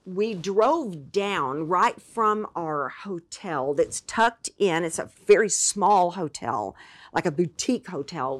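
A woman guest telling a personal story in an animated, expressive way. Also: sits low. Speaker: podcast guest. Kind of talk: storytelling in conversation.

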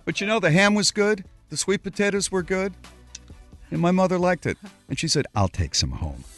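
A man's voice: high voice, brisk, fairly bright tone, soft background music. A man hosting a radio show, telling a story in a casual way and acting out other people's voices. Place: radio studio.

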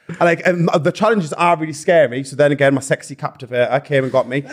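A quick-talking man with a somewhat high, husky voice, gossiping as a podcast guest. His stories ramble, with frequent restarts and blunt swearing. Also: steady tone. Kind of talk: casual gossipy storytelling.

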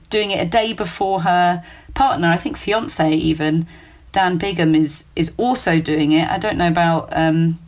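A woman hosting a podcast, chatting casually and hesitantly with frequent ums and uhs. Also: lowish voice. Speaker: podcast host. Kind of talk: casual chat.

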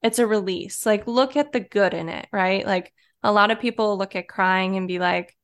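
Chatty woman with a gravelly edge. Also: mid-range voice, normal speed. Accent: Detroit. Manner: relaxed, chatty, filler-heavy with frequent likes and ums. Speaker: podcast guest. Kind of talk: casual chat.

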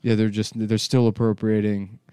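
A man's voice: on the low side, little pitch movement, normal speed, warm tone, clean tone, dry recording. Rambling male podcast co-host, dry sound. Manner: rambling, restarts often while building a bit. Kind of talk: crude comedy podcast banter.

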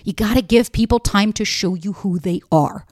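Blunt, animated woman podcaster. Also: medium pitch, normal speed, no room sound, clean studio sound. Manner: blunt and animated, swears freely, mimics people in quotes. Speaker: podcast host. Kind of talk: casual solo podcast advice.

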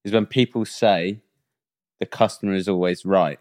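A man's voice: sits low, steady tone, moderate pace, a little mellow. A young man co-hosting a podcast, bluntly ranting about pet peeves in crude casual chat. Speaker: podcast co-host.

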